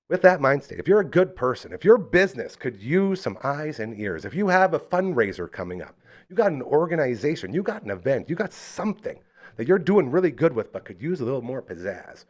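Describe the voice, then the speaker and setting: A man's voice: medium pitch, big pitch swings, fast. A man hosting a live local podcast, chatting casually and rambling through enthusiastic sponsor plugs. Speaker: podcast host.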